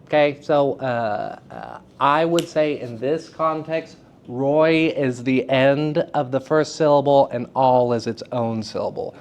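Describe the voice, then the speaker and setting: A man giving a live drama workshop to high school students, chatty and self-deprecating, often turning to the class with questions. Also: steady tone, unhurried, a little mellow, clean tone.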